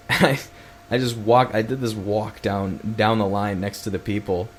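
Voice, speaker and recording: A man's voice: fairly low pitch, steady tone, a little slow, slight background noise. Rambling, foul-mouthed man telling a story. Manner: rambling, heavy swearing, frequent restarts. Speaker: podcast host. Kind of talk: casual solo podcast storytelling.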